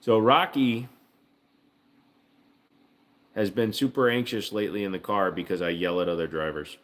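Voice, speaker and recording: A man's voice: fairly low pitch, steady tone, normal speed. A man hosting a casual livestream from home, joking with profanity and cooing baby talk to his dog. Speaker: livestream host.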